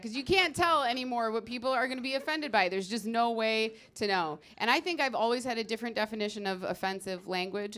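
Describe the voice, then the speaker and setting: A woman's voice: mid-range voice, fairly bright tone. Brash woman doing stand-up. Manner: brash, punchy, conversational. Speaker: stand-up comedian. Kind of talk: stand-up set. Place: stage.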